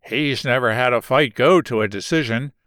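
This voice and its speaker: A man reading the part of a boastful, blunt boxing manager, dropping his voice lower for him. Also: moderate pace, a bit bright, clean tone, no echo, studio quality, close to an everyday voice.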